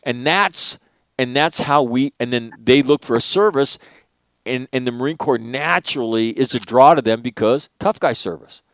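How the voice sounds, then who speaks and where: A man's voice: medium pitch, normal speed, no echo. A man hosting a casual conversation, speaking emphatically with frequent swearing. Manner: emphatic, profane, lively storytelling.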